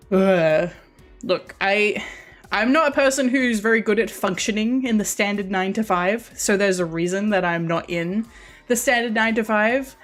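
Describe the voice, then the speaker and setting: Rambling woman with a light Australian accent. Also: medium pitch. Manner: rambling, with frequent restarts and self-corrections. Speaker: streamer. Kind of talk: casual chat to stream viewers.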